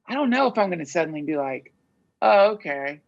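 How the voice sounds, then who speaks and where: A man talks in loose, searching sentences, swearing freely as he thinks aloud. His voice is gravelly with a husky edge. The audio is dull and lo-fi, like a podcast recording. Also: fairly high pitch, very animated, rapid-fire. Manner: rambling, profane, searching. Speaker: podcast guest. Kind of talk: casual conversation.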